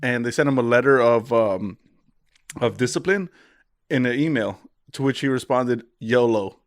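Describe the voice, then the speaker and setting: A man's voice: mid-range voice, dry recording. Joking young man, dry close sound. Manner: joking, quick banter. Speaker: podcast co-host. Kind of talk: casual chat.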